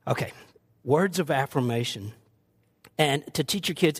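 A man's voice: on the high side, moderate pace. An older man, preaching a sermon as pastor, joking asides with the congregation.

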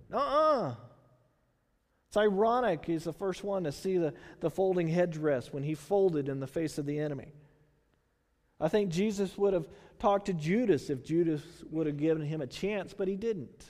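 A Texan pastor with a high-pitched voice and a Texas accent preaches a sermon in a conversational, animated style packed with rhetorical questions. The recording carries a long hall reverb.

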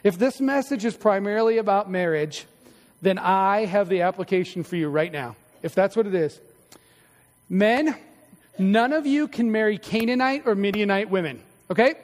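A man's voice: high voice, moderate pace, in a large hall. A middle-aged male pastor preaching a sermon in a church, conversational and storytelling, with self-deprecating humor. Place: church sanctuary.

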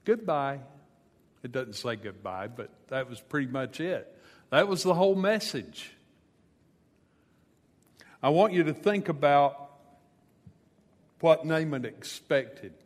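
A man's voice: fairly high pitch, expressive, slow pace, long pauses, big-room sound. A man preaching a sermon, retelling a scripture story in a conversational way with casual asides. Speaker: pastor.

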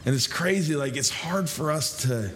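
A man preaching a sermon as pastor, conversational, repeating phrases and slowing down to stress key lines. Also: a little high, a little hiss or hum.

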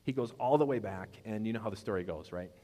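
Retelling a story in his sermon, a fast-talking pastor with a low, dark voice keeps it conversational and puts questions to his congregation. Long hall reverb colors the sound.

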